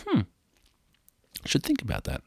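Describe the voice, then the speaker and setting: Speaking at a measured pace, a middle-aged man with an Australian accent rambles through a travel tale in a relaxed monologue, joking and poking fun at himself. The recording sounds dry.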